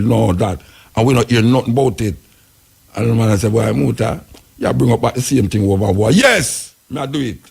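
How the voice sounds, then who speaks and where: A man's voice: medium pitch, creaky, slightly rough. A Jamaican man hosting a talk radio show, delivering rambling, emphatic commentary in patois.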